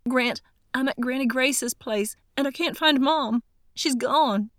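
A woman voicing a frightened young woman desperately searching for her missing mother, pleading in a rushed, breathless way. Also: high-pitched, fairly bright tone, dry recording, studio quality, pitched above the performer's own voice. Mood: frantic.

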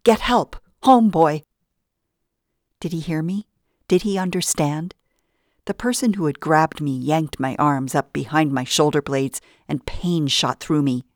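A woman narrating a first-person audiobook in a steady storytelling manner. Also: low-pitched, unhurried, dry recording, clean studio sound.

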